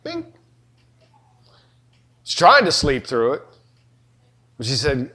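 A man's voice: medium pitch, wildly swooping pitch, slow, pauses often, bright, forceful tone. A middle-aged man, preaching a sermon in a folksy, joking storytelling way. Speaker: pastor.

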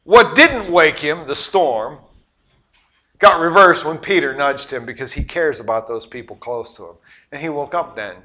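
A middle-aged man preaching a sermon, telling the story with great animation, jumping between loud exclamations and quiet asides. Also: on the high side, moderate pace. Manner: animated storytelling, acting out voices and sound effects. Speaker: pastor.

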